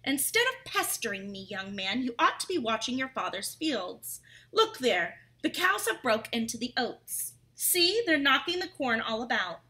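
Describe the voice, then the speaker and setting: A woman reading as a sharp-tongued old leprechaun. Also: high voice, animated, measured pace, exaggerated voice. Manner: sharp, scolding, then whiny. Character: grumpy tricky old male leprechaun shoemaker.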